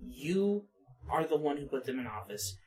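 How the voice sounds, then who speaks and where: A man's voice: mid-range voice, sing-song, normal speed, distant mic, a crowd in the background, poor audio. A young man co-hosting a podcast, chatting casually with a wry, teasing manner. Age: young adult. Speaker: podcast co-host. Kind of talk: casual chat.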